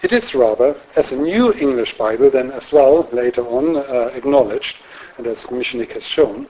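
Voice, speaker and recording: A man giving an academic lecture in a measured, explanatory way, often checking in with tag questions and filling pauses with um and uh. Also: medium pitch, lively intonation, mellow, poor audio. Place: lecture room.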